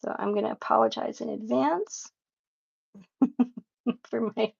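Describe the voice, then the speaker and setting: A woman's voice: fairly high pitch, unhurried, vocal fry, husky, muffled recording. A middle-aged woman hosting a live painting stream, chatting casually with viewers, reading their messages aloud and laughing often. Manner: warm, emotional, laughs often, reads chat aloud. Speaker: livestream painting host.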